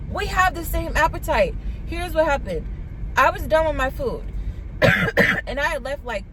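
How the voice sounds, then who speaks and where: Young woman vlogging about a date, high voice, gushy and slangy, coughing, loud street and car noise behind her. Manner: animated, gushing, quotes herself in high squeals; casual slangy talk. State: coughing, under the weather. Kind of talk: casual storytelling vlog.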